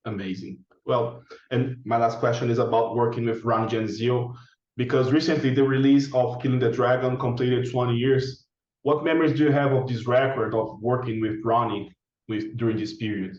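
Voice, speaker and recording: A man's voice: mid-range voice, fairly even intonation, normal speed, a little mellow. A man hosting an interview, asking courteous, plainly phrased questions. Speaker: interviewer host. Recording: roomy, distant, lo-fi audio.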